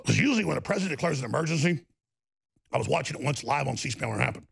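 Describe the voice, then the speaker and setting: A man's voice: medium pitch, animated, fast talker, vocal fry, husky. A man hosting heated political commentary, ranting sarcastically. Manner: ranting, sarcastic, jumps between mock voices.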